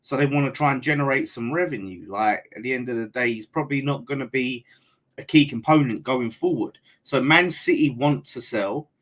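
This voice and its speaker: A man's voice: medium pitch, brisk, fairly bright tone. Casual sweary man hosting. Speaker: fan channel host. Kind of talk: live-streamed football chat.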